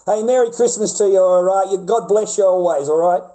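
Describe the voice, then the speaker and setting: A high-voiced Australian man rambles through a casual livestream, swearing constantly and bantering loudly with callers. His talk is rowdy and unfiltered. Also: brisk, rough recording.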